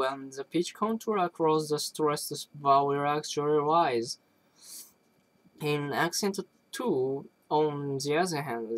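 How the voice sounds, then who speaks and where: A person reading an academic text aloud, halting often to restart and correct words. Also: medium pitch, dry recording, poor audio. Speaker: reader.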